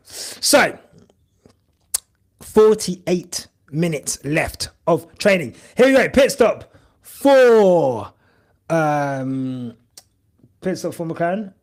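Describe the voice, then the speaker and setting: A man's voice: high-pitched, expressive, drawn-out words, long pauses. A young man hosting a live stream, chatting casually and emotionally in a rambling way with lots of fillers. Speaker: podcast host streaming live.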